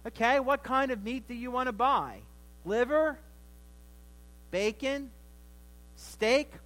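An eager, chatty small-town butcher, as a male preacher puts him on in a joke, firing off friendly questions at a customer. The voice sits high and a little raised. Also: expressive, slow pace, a bit bright, in a large hall, exaggerated voice.

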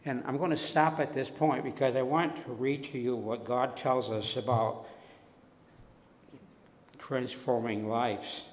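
A man preaching a slow, unhurried sermon. He drops his voice low and soft, then swells louder as he tells his story. The sound comes from a roomy church hall with a long reverb. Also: fairly even intonation. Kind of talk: sermon testimony.

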